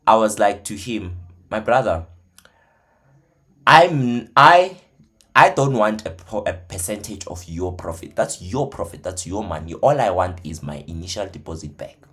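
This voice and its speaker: A man, a trading mentor, telling stories in casual talk, animated, swinging from hushed to loud. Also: lowish voice, a little slow. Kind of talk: casual storytelling.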